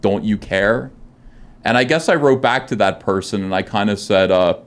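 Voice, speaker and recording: A man's voice: lowish voice, lively intonation, a little fast, clean tone. A man, a comic book artist and podcast guest, telling a personal story casually with many filler words and restarts, earnest and self-deprecating.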